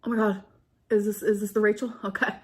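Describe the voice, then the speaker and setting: A woman with a mid-pitched voice who rambles happily from one thought to the next. She chats casually as a stream host. Her tone stays bubbly and loose. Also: level tone, fast talker, a little mellow. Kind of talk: casual chat.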